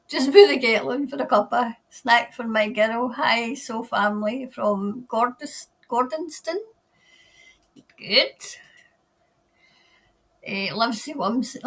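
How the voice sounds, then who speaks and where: A Scottish woman chats her way through a livestream, reading out viewer comments and greeting people by name. Her voice sits a little high and stays easygoing and unscripted. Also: fairly bright tone. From Scotland. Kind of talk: casual livestream chat. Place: New Zealand.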